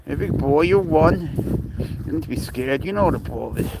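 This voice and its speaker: A man's voice: a little high, expressive, normal speed, vocal fry, background noise. A young man from Spain, outdoors, coaxing and cheering on his cat in a playful way. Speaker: pet owner filming his cat. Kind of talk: casual talk to a pet.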